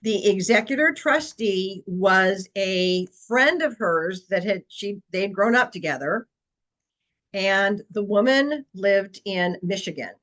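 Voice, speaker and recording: A woman's voice: medium pitch, expressive, takes it slowly, a bit bright, poor audio. A woman real estate agent presenting a webinar session, telling a long client story in an earnest, anecdotal way with frequent fillers.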